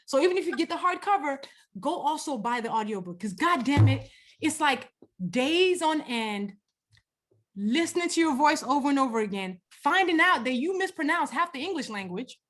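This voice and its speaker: A woman author in conversation, speaking with animated emphasis and easy swearing. Her voice sits slightly high. She talks in a relaxed, chatty way. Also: normal speed. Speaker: author and interviewer. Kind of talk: casual conversation on a video call.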